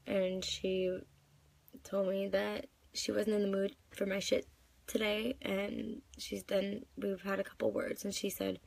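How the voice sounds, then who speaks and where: A young woman in her twenties talks into her phone through tears, rambling and full of fillers. Her voice is heavily gravelly and husky, recorded close and dry with no room sound. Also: mid-range voice, flat delivery, a little slow, a little mellow, dry recording. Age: 20s. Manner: upset, rambling, many fillers. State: crying. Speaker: vlogger. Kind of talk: live video venting.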